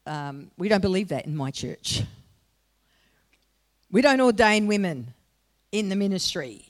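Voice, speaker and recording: A middle-aged woman preaching a sermon to a congregation, moving from personal storytelling to loud, emphatic exhortation. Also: medium pitch, lively intonation, measured pace.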